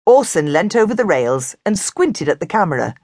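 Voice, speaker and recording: A woman narrating a children's storybook in an animated, expressive way. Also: fairly low pitch, moderate pace, no room sound, clean studio sound. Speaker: audiobook narrator.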